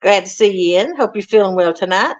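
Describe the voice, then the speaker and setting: A woman's voice: mid-range voice, lively intonation, a little fast. Folksy woman hosting a livestream. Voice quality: folksy, chatty greetings. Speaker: livestream host. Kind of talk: casual livestream chat, reading out viewer comments. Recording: dull lo-fi stream audio.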